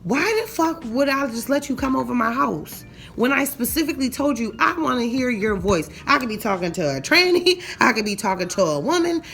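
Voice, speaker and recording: Young woman, heated profane rant, higher voice, faint music. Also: lively intonation, a little fast, vocal fry, a bit bright. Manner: blunt, profane, heated and emphatic. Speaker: vlogger. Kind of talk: ranting storytime vlog.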